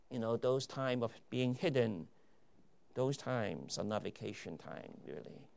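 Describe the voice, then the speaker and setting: A man delivers a sermon with a gravelly, creaky edge to his voice. His pitch sits in the middle range. He preaches emphatically, rising to loud declarations and dropping to quiet asides. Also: expressive, a little slow. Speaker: pastor.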